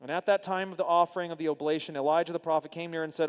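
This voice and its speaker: A man teaching a Bible study in a church hall, reading scripture aloud with animated, casual asides to his group. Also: a little high, very fast, hardly any pauses, smooth. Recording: long hall reverb.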